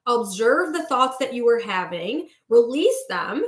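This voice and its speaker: A woman's voice: fairly high pitch, big pitch swings, measured pace, roomy sound. A woman manifestation coach in a breezy, chatty livestream talk, greeting viewers as she goes.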